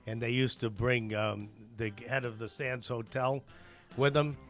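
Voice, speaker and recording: A man guest on a talk show telling animated anecdotes. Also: mid-range voice, unhurried, soft background music. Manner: animated storyteller, acts out voices.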